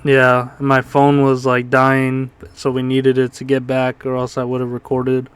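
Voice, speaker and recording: A man's voice: medium pitch, monotone, unhurried, clean tone. A man co-hosting a podcast, telling a long anecdote in a rambling casual way with lots of fillers. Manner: rambling storytelling with frequent fillers and laughs. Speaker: podcast co-host.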